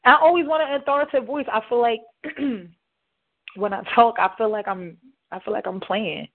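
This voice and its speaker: A young adult woman hosting a talk radio show, playful and hyped, with a light, youthful voice that is not raspy. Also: a little high, normal speed. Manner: playful, hyped, talks straight to listeners. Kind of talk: casual talk radio chat. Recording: tinny phone-like sound.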